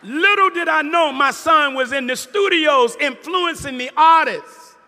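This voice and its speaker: High-voiced man preaching emphatically in a hall. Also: a little slow, pushed and bright. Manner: emphatic, calls out to the crowd. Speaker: Muslim minister. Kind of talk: preaching to a live audience.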